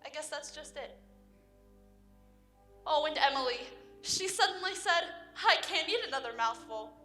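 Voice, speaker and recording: A teenage girl playing a worried mother of the bride in a high school stage play. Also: lively intonation, normal speed, sharp tone, soft background music. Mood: wistful. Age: teens. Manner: wistful, then indignant. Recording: echoey auditorium from a distance.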